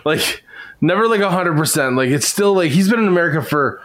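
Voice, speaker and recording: A man's voice: fairly high pitch, expressive, brisk, a bit bright. A man co-hosting a casual podcast chat, blunt and crude in his jokes. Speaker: podcast co-host.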